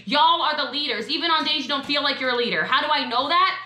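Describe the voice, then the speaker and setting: Woman, high and bright voice, sassy motivational trainer, echoey room. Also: expressive. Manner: sassy, emphatic, quick asides. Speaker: network marketing trainer.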